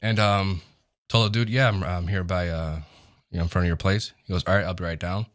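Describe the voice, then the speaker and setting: A man, a podcast guest, calmly telling a story in casual talk. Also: low-pitched, a little fast. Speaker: guest, acting coach.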